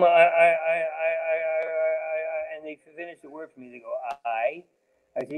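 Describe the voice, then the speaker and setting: A man's voice: on the high side, steady tone, moderate pace, low-quality recording. A male comedian riffing in a rambling stream of consciousness, with heavy stammering and sudden jumps between topics. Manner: heavy stammering, repeats sounds and words. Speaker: comedian guest.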